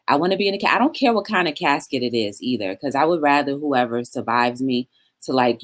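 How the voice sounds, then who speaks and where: Talk show host, woman, low-pitched, chatty and rambling, laughs a lot. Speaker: talk show host reading live chat. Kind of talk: casual chat.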